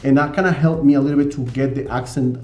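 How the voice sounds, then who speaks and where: A man co-hosting a podcast in casual chat, animated and acting out little scenes. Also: medium pitch, fast, reverberant, muffled recording. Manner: animated, acts out voices in his stories. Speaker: podcast co-host.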